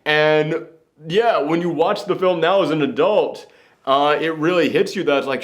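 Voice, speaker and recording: A young man co-hosting a casual film review, talking fast and loose and slipping into mocking voices of characters. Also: fairly high pitch. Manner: animated, jumps into mocking impressions. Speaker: podcast co-host. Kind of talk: casual movie review chat.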